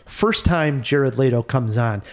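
A man hosting a casual film review podcast, animated and laughing often as he recounts scenes. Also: medium pitch, a little slow. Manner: animated, laughs often, mimics actors' voices. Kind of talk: casual movie review chat.

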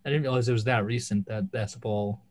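Laid-back guy on a podcast, says like a lot, kinda halting, just chatting. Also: fairly low pitch, fairly even intonation, darkish tone, a little hiss or hum. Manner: easygoing, halting, lots of "like". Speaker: podcast co-host. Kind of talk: casual chat.

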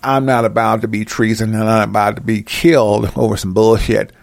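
Man doing a cold older boss, low calm voice, clipped commands, dry close sound. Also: a little fast, gravelly, no echo. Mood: cold, commanding. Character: cold older male leader ordering a crackdown.

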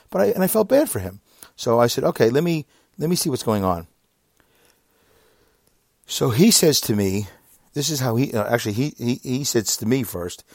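A man in his fifties, a podcaster, telling a long casual story about an online argument, exasperated and animated, his voice often jumping up high. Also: no echo, studio quality. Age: 50s. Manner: animated, exasperated, with sudden jumps up in pitch; reads out messages.

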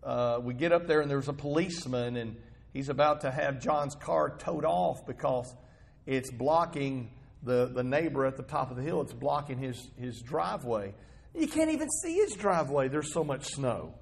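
A man's voice: mid-range voice, expressive, moderate pace, gravelly, breathy edge. A male pastor giving a sermon in a conversational, storytelling manner, asking the congregation rhetorical questions.

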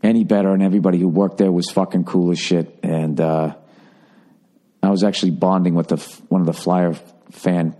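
A man's voice: low-pitched, steady tone, fairly quick, mellow. A man, a comedian hosting his own podcast, talking in a blunt, profane, rambling monologue full of asides.

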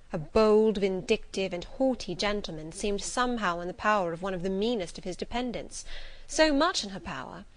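A woman narrator reading a classic novel aloud with clear, expressive storytelling. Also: mid-range voice, rough recording. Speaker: audiobook narrator.

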